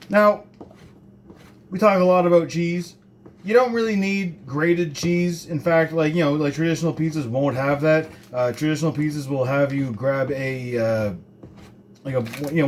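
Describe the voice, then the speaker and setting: A young man from Canada talks his way through making food in a home kitchen, rambling and swearing freely with lots of fillers. His voice sits a little high for a man. A faint hum of room noise runs underneath. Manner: rambling, profane and joking, many fillers. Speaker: home cook vlogger. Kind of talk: casual cooking demonstration.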